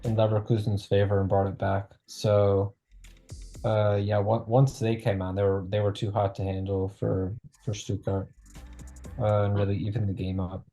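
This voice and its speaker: A man's voice: lowish voice, flat delivery, normal speed, dark tone, faint music behind. A man on a football panel, giving a rambling match recap full of fillers. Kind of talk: casual football chat.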